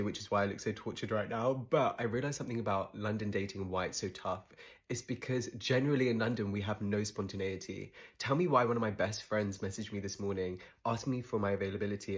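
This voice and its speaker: A young man musing in a casual selfie vlog, chatty and reflective. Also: fairly low pitch.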